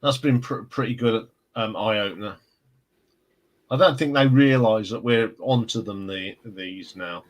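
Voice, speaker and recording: A man's voice: lowish voice, a little slow, low-quality recording. A man hosting a casual live stream, chatting and telling rambling stories. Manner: rambling, chatty storyteller with restarts. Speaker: livestream host.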